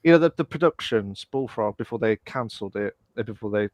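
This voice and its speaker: Animated lad, dry mic. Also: male voice, on the low side, fast, no echo, muffled recording. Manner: playful, slips into silly voices. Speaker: podcast co-host. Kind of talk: casual chat.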